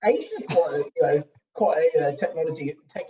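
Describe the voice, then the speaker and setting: A man's voice: a little high, lively intonation, a little fast, warm tone. A man in casual podcast banter, making dry, quibbling remarks. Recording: distant, dull podcast mic.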